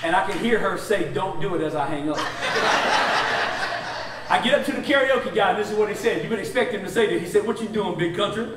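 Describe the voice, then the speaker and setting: A man's voice: sits high, lively intonation, quick pace, pauses often, a loud crowd. A man, a guest speaker telling a comic story in a church sermon and acting out the dialogue with animation. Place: church sanctuary. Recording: echoey church hall, distant, noisy.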